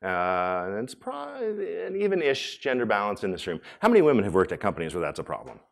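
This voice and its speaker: Deep-voiced man giving a conference talk. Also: wildly swooping pitch, quick pace, gravelly. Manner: conversational, many fillers and restarts, polls the audience. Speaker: conference speaker and room host. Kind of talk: conference talk to a live audience. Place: conference hall.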